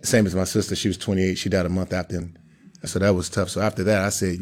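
Deep-voiced man, halting and candid. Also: flat delivery, a little mellow. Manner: halting, repeats phrases. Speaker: guest, pro football player. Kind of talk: candid interview answers.

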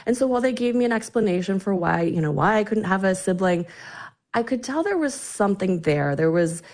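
This forty-something author, a radio guest, sounds animated and brisk as she recounts a family memory, her medium-pitched voice carrying a darkish tone. She's earnest and reflective, often restarting her thoughts.

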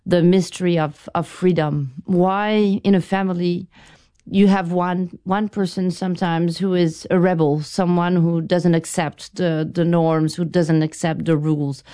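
Low, smooth-voiced woman recalling her past. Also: steady tone, mellow. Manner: thoughtful, halting, with restarts. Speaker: interview guest, writer. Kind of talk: reflective interview answers.

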